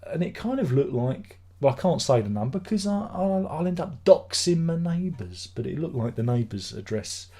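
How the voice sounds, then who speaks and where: A man's voice: a little high, lively intonation, moderate pace, hardly any pauses, mellow, slightly rough. A middle-aged man hosting a casual live stream, grumbling, swearing and rambling in exasperation.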